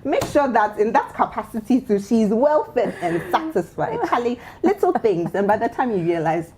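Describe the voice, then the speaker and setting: A woman co-host from Ghana giving playful, animated relationship advice on a casual panel talk show. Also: on the high side, normal speed, slight background noise. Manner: animated, playful, laughs while advising.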